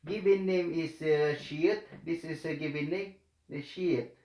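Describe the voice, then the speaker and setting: A man teaching a language lesson in a slow, halting way, with many fillers and repeated words. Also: on the high side, darkish tone. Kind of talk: slow hesitant tutorial explanation. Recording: echoey room.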